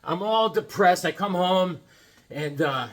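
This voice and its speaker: A man's voice: high-pitched, animated, slow, fairly bright tone. A middle-aged man chatting casually on his comic book vlog, rambling and joking and repeating himself as he unboxes a package.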